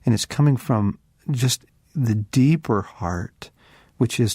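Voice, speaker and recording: A middle-aged man giving an earnest, reflective devotional teaching, slowing and softening on key phrases. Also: medium pitch, breathy edge, no room sound, studio quality. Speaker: Christian author and teacher.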